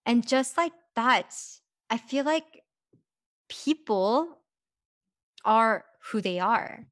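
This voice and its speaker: A woman's voice: a little high, animated, extremely slow, a bit bright, no room sound, clean studio sound. A young woman hosting a podcast, talking casually and reflectively, with frequent "like" and light laughs. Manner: chatty, says "like" often, laughs lightly. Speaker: podcast host.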